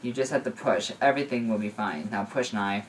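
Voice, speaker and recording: A man's voice: lowish voice, fairly quick, slight background noise, natural voice. A man reading out the lines of a tearful, loving young father, recorded a bit far from the mic. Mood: tender. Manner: soft, emotional reading.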